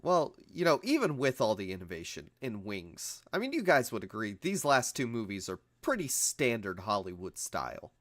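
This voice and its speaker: Jokey man, film podcast co-host, animated pitch. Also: normal speed, hardly any pauses, dry recording. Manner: playful, jokey. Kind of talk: casual film discussion.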